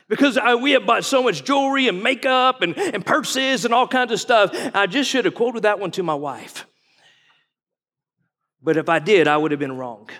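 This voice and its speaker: A guest pastor in his forties preaches in a folksy, conversational style, putting questions to the congregation. His voice is high-pitched and somewhat bright, and the large hall gives it a long reverb.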